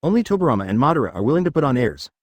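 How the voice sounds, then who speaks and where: A man's voice: medium pitch, big pitch swings, racing, no room sound. A man reading the lines of a cheerful, talkative male ninja leader ghost who teases others, in a synthetic storybook voice. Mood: teasing. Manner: laughs loudly and teases.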